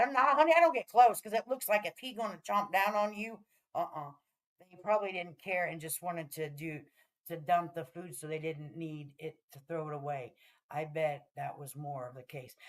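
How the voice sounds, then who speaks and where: A woman's voice: on the low side, rough recording. A middle-aged woman ranting casually to her viewers in a profane, rambling, heated way, often checking in with "all right?". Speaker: vlogger. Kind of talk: casual rant to camera.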